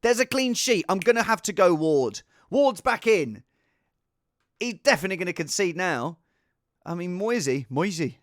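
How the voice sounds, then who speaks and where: Excitable man with a lively, springy voice. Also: normal speed, no echo, studio quality. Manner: excitable, jokey, jumps to high exclamations. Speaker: fantasy football podcast host. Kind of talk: casual solo score predictions.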